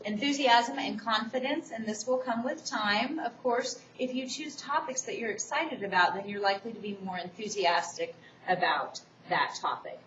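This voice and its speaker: Woman, public speaking instructor, quick and enthusiastic, echoey room, muffled lo-fi sound. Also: medium pitch, fairly bright tone, a little hiss or hum. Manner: explanatory, instructive. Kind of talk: recorded course lecture. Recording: distant, roomy, dull recording.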